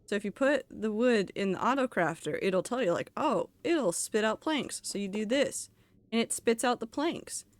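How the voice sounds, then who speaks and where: A woman's voice: medium pitch, lively intonation, normal speed. A woman streaming a game, chatting casually and rambling with lots of fillers. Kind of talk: casual live-stream chat while gaming.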